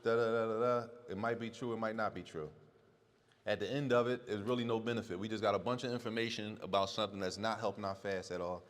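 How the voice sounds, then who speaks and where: Low-pitched male teacher giving a relaxed class, stressing points twice, recorded in an echoing hall. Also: quick pace. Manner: repeats points for emphasis and quizzes the audience. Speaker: religious teacher. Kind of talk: casual classroom lesson. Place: mosque or community center hall. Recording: long hall reverb.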